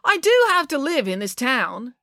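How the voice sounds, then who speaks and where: A defiant teenage schoolgirl fires off sarcastic, blunt retorts in a raised, lively voice, as a woman reads her lines. Each comeback is cutting and unapologetic. The storybook reading sounds dry and close. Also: high voice, normal speed, dry recording, pitched above the performer's own voice, heavily acted.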